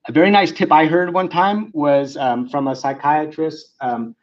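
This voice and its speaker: Captured on a dull, lo-fi recording, a male lecturer talks about psychiatry clinically yet conversationally, often using fillers and restarting sentences. His slightly high voice stays steady in tone at a normal speed.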